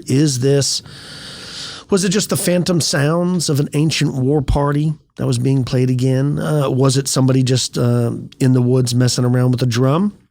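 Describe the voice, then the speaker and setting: A man's voice: medium pitch, darkish tone, dry recording, studio quality. A man co-hosting a podcast in casual chat, musing aloud with many rhetorical questions. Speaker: podcast co-host.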